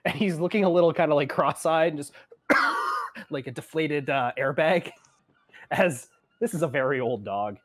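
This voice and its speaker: A man's voice: on the high side, normal speed. Laughing male game master. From Canada. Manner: laughs often, loose. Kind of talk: narrating a tabletop game.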